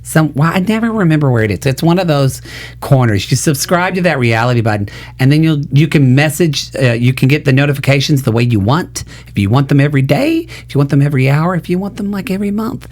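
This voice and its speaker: Man, host, casual panel chat, chatty, playful, middle pitch. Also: expressive, fast, a little mellow.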